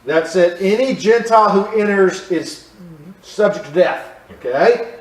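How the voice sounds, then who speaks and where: A high-voiced man leads a lively Bible class, often asking the group questions and repeating his points. He is recorded from across a roomy church hall with a clear echo. The mic sits well away from him. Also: unhurried, distant mic. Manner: animated, asks the class questions, repeats phrases. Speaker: Bible study teacher. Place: church room.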